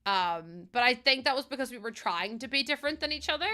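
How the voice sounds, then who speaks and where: A young woman chatting casually to her stream, full of "like" and quick laughs. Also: a little high, expressive, pushed and bright. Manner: chatty, laughs often, lots of "like".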